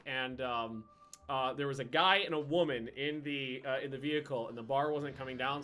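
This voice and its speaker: A man hosting a gaming video, telling rambling, profane anecdotes in a casual, animated way. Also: medium pitch. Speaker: gaming channel host. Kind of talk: casual storytelling over gameplay.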